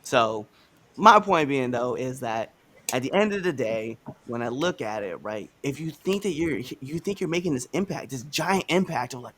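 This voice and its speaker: A man hosting a live podcast, ranting in a casual, animated way with slangy asides. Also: fairly high pitch, fairly quick. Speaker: podcast host.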